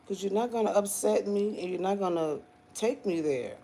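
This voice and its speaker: A man with a drawl hosting a casual livestream, his voice pitched a little high. He rambles along easily, padding every thought with fillers and calling his viewers pet names. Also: vocal fry, mellow. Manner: chatty, drawn-out, loaded with fillers and pet names. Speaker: livestream host.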